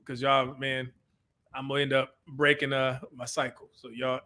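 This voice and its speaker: A man with a high, bright voice chats loosely on a live stream. He reacts to viewer comments as they come in and breaks into laughter often. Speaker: livestream host reading chat. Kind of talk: casual live-stream chat.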